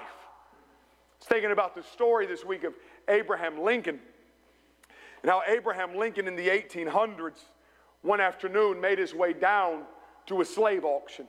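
A man preaching a sermon as pastor in a church, building to passionate peaks and dropping to hushed storytelling. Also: sits high, moderate pace, long pauses. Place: church sanctuary. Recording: long church reverb.

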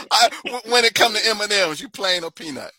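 A man's voice: high voice, pushed and bright, a little hiss or hum. A man interviewing a guest in a playful, casual way and laughing often.

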